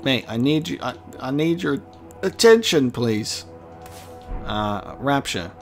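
A man's voice: medium pitch, lively intonation, takes it slowly, faint music behind. A man doing casual let's-play commentary, chatty and joking, swearing when surprised. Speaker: gaming video host.

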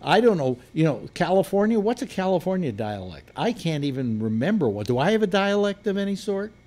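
A man's voice: high-pitched, very animated, brisk, a little mellow. Chatty male talk show host. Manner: chatty, storytelling, trailing restarts. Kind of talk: casual panel chat.

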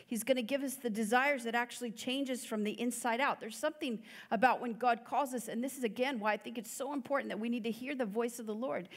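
A woman giving a sermon as a guest preacher, in an earnest, conversational way with many fillers. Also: a little high. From United States. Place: church hall. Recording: long church hall reverb.

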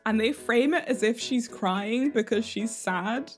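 A woman's voice: a little high, a little slow, faint music behind. A woman vlogger chatting casually, giggling often as she talks. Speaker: fashion vlogger. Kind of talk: casual chat.

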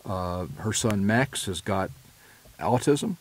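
A man delivering a prepared lecture in an earnest, measured way, now and then correcting himself mid-phrase. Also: fairly low pitch, animated. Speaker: presenter.

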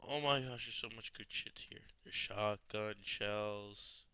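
A man giving excitable let's play commentary on his gameplay. He swears and yells at the zombies as he plays. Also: on the low side, slow, clean tone.

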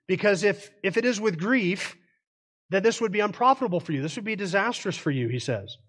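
A male pastor preaching an expository sermon, earnest and explanatory, stopping now and then to correct himself. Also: high-pitched.

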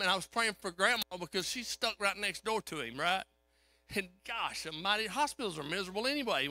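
A man preaching a sermon, telling a story in a folksy, animated way. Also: high-pitched. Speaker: pastor.

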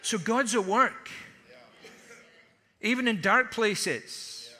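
A man's voice: sits high, extremely slow, pushed and bright. A man preaching a conference sermon with humorous stories and punchy asides. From Scotland. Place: large conference hall. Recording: long hall reverb.

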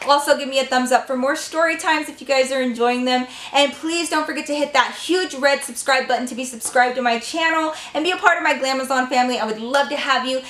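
A woman's voice: high-pitched, fast, hardly any pauses, a bit bright, reverberant. A young woman vlogger telling a dramatic story in casual chat, full of filler words and swearing.

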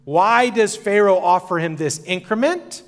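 A man's voice: high-pitched, animated, unhurried. A man giving a sermon at a conference, retelling the story in a casual, conversational way. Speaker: conference speaker. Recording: long hall reverb.

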